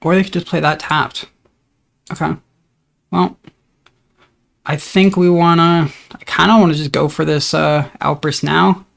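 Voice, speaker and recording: A man giving casual commentary on his own card game, thinking aloud about each play in a relaxed, upbeat way. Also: a little high, unhurried, creaky, long pauses.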